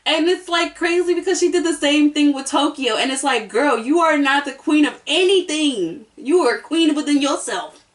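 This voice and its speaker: A woman's voice: high voice, expressive, moderate pace, distant mic. A woman hosting a casual reality-show review, sassy and emphatic, hammering her points home by repeating them. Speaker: host.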